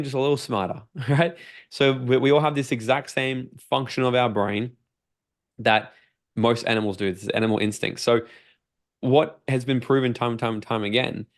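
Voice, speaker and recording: Aussie guy coaching on a podcast, mid-pitched, fired up, swears a lot, acts out the voice in his head. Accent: Australian. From Australia. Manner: energetic, swears freely, acts out his own inner voice. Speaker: personal development coach. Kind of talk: podcast interview guest.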